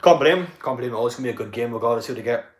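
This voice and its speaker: A man's voice: mid-range voice, very fast, roomy sound. Chatty man streaming live football commentary. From North East England. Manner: chatty, swearing, laughing at the match.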